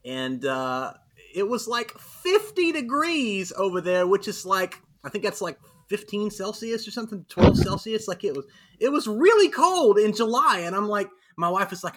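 A man's voice: high-pitched, very animated, normal speed, fairly bright tone. A man with a Southern US accent from Alabama, hosting an interview in a chatty, folksy way and laughing often. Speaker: podcast host. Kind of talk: casual interview chat.

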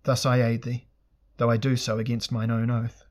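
A man reading an audiobook, voicing a calm ancient male god of justice in solemn, archaic, measured speech with a pure, sweet tone. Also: mid-range voice, close to an everyday voice. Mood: serene.

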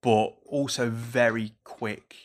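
An English man, a young adult, hosting a casual solo podcast in an excitable, rambling, over-caffeinated way, swearing now and then. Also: medium pitch, slow. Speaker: podcast host reviewing films.

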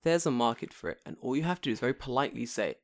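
A man's voice: medium pitch, rapid-fire. A young man chatting casually, telling funny stories and acting out other people's voices. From United Kingdom. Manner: animated storyteller, acts out voices, laughs often. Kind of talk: casual chat.

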